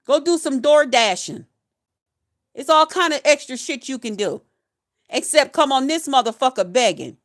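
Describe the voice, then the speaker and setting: Blunt profane woman in her fifties, high voice. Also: lively intonation, normal speed. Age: 50s. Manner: blunt, profane, chanting repeated phrases. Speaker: retired nurse, YouTuber. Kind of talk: profane ranting vlog.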